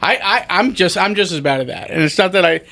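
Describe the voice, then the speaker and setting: A man's voice: high voice, expressive, quick pace, creaky, pushed and bright, dry recording. A man who is a stand-up comedian talking casually on a podcast in a rambling, self-deprecating way, with many restarts.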